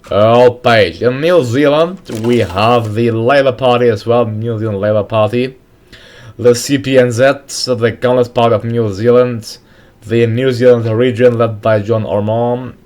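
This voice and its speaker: Halting man reviewing a game mod. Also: lowish voice, darkish tone. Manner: halting, reads out names with many pauses and restarts. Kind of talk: casual screen-recorded game commentary.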